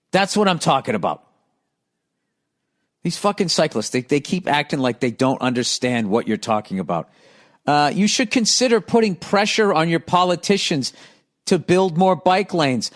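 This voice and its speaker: A man's voice: fairly high pitch, lively intonation, normal speed. A middle-aged man hosting a podcast, ranting sarcastically and profanely about cyclists while reading listener letters. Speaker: podcast host.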